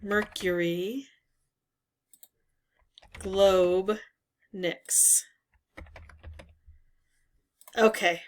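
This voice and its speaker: A woman hosting a word puzzle video, musing slowly as she reads the words aloud one by one. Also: medium pitch, steady tone. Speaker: word game video host. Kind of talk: casual puzzle talkthrough.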